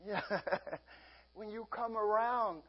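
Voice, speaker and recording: Male pastor mid-sermon, high husky voice, folksy, laughs often, acts out little scenes. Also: slow pace, lo-fi sound.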